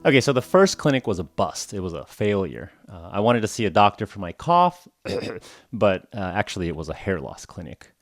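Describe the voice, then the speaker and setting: A man's voice: low-pitched, very animated, moderate pace, faint music behind. A young man hosting a podcast, telling a story in a chatty, self-mocking way full of "uh" and "like". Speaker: podcast host. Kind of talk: casual storytelling podcast for English learners.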